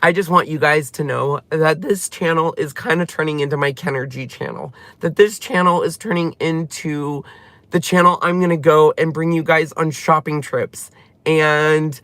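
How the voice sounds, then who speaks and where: A man's voice: fairly high pitch, pushed and bright, dry recording. Tearful man pouring his heart out. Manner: tearful, heartfelt, rambling retelling. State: emotional, close to crying. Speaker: channel host. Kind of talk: emotional personal vlog talk.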